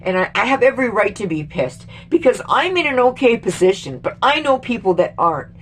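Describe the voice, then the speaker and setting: A middle-aged Canadian woman in a heated, swearing vlog rant, emphatic and exasperated, rambling with sudden jumps in pitch. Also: very animated, brisk, slight background noise. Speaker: vlogger. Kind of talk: casual angry political rant.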